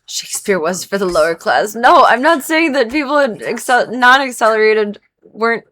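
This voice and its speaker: Her voice sits a little high, expressive and fairly bright, at a moderate pace. She's a young woman chatting on her casual gaming stream, drowsy and yawning with a stuffy nose, rambling on and dropping "like" constantly.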